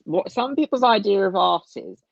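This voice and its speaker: A man's voice: sits high, animated, normal speed, gravelly. A man co-hosting a radio show, with a wry, self-deprecating, dry sense of humour, talking through a temporary phone setup. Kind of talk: casual banter. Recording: slightly dull makeshift phone setup.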